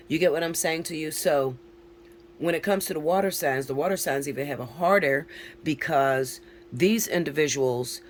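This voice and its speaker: A man's voice: medium pitch, a little hiss or hum. A man giving a casual tarot reading to camera, talking bluntly and frankly, often swearing and checking in with his listeners. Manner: chatty, keeps checking in with listeners. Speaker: tarot reader.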